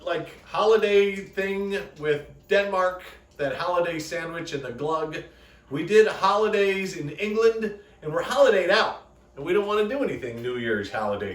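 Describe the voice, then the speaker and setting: A man in his forties co-hosting a home cooking show, chatting casually and joking. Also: on the high side. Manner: joking, animated. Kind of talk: casual chat. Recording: echoey room, mic at a distance.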